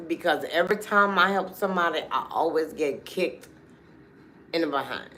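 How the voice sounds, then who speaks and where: A woman, hosting a casual livestream and talking straight to her viewers in a chatty, animated way. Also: low-pitched, moderate pace. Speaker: livestream host.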